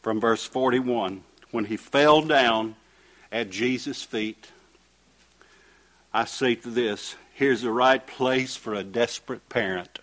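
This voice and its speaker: A man preaching a sermon, reading scripture aloud and asking rhetorical questions, rising to loud emphatic peaks and dropping to quiet asides. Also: medium pitch, slow. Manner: reads scripture aloud in King James wording.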